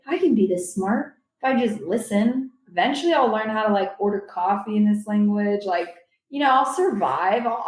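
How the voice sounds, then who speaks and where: A young woman from Silicon Valley, a guest telling rambling, animated stories in casual chat at a convention. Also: high voice. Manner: animated, rambling, quotes people in voices. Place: convention venue. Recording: roomy echo.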